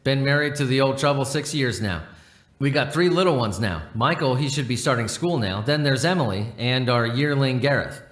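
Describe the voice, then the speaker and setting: A man's voice: medium pitch, moderate pace, a bit bright, close to an everyday voice. A man voicing a proud, chatty working-class male coach horse in a roomy room, reading the lines without a put-on accent. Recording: roomy echo.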